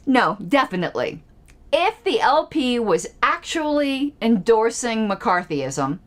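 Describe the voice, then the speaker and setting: A woman giving political commentary in a vlog, sarcastic and fond of mocking rhetorical questions. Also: slow. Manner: animated, with sudden pitch jumps.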